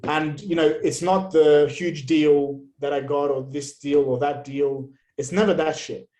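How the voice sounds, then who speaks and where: A man's voice: a little high, unhurried, low-quality recording. Blunt, swearing man. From Australia. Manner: blunt, heavy swearing, animated rants. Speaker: podcast guest. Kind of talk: casual conversational interview.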